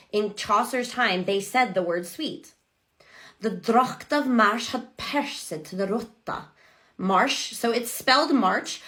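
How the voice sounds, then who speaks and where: A woman's voice: medium pitch, fairly bright tone. Enthusiastic American woman explaining. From United States. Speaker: literature professor. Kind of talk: casual educational talk to camera.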